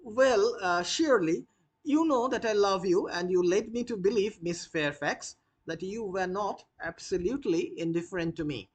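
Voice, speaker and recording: A man reading the lines of an earnest young gentleman in love, a little higher than his usual talk. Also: normal speed. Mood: earnest, smitten.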